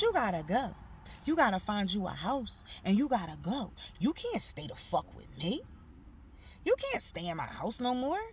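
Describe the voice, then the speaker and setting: A woman's voice: fairly high pitch, a bit bright, slightly rough. A woman, telling a profane story in a casual vlog and acting out the people she quotes. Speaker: vlogger. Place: outdoors.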